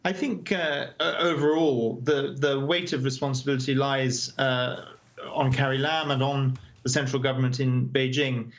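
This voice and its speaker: Man, advocacy chair, remote news interview over a video call; measured and earnest, mid pitch, frequent hesitations. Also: steady tone.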